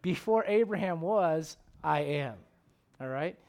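High-voiced preacher, swinging loud and soft. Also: male voice, slow pace. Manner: animated preaching, swings from loud emphatic questions to low quiet asides. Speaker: pastor. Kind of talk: sermon.

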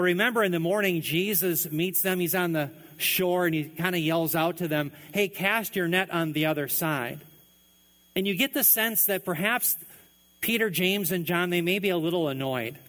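A male pastor preaching with earnest conviction. His voice sits a little higher than most men's. He sinks into a low, quiet register to land the key points. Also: rough recording. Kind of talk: sermon.

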